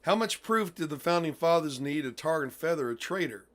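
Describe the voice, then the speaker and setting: A man hosting a casual interview, talking emphatically and excitably and laughing often. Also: fairly high pitch, a little fast. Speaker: host.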